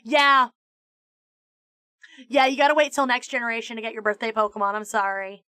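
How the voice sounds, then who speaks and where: A VTuber streamer chats casually with her viewers, mock-ranting animatedly and swearing freely while stumbling into quick, stammering restarts. Her voice is high, bright and smooth, sounding close and dry with no room echo.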